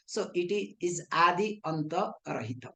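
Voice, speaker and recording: A woman's voice: fairly low pitch, lively intonation, normal speed, sharp tone. A woman teaching scripture, often asking rhetorical questions and answering them herself, with playful teasing asides. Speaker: spiritual teacher. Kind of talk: scripture lecture in English.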